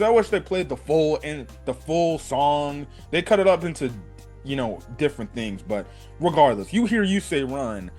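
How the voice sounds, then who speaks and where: A young man giving a casual, excited episode review, talking in a loose run of fillers and slang. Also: fairly high pitch. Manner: excited fan talk, many fillers and "bro". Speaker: anime reviewer.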